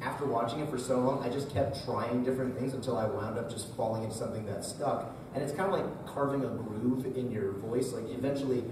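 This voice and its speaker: A guest voice actor jokes through a casual Q&A panel at a convention, slipping into character voices. His medium-pitched, steady voice moves fairly quickly with few pauses, recorded from far off in a large, echoey hall full of crowd ambience and noise.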